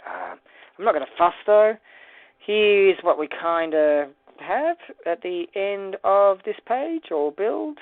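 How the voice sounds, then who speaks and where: A host casually narrating a toy brick build, rambling through playful asides and quiet mumbles to themself. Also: medium pitch, lively intonation, takes it slowly, no room sound. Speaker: LEGO builder and channel host. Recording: dry, tinny phone-like sound.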